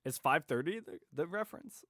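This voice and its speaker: A man's voice: a little high, expressive, a little fast, pushed and bright, no room sound, studio quality. A tired man chatting and swearing casually while live streaming late at night. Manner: profane, exasperated, rambling.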